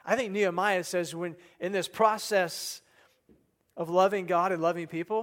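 A man preaching a sermon in an earnest way, asking the listeners questions and dropping soft and low for quoted prayers. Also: fairly even intonation, moderate pace. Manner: asks the congregation rhetorical questions. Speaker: pastor.

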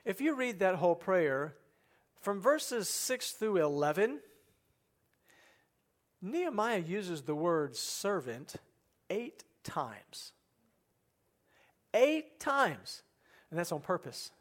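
A man preaching a sermon in an earnest way, asking the listeners questions and dropping soft and low for quoted prayers. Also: big pitch swings, slow, pauses often. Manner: asks the congregation rhetorical questions. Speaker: pastor.

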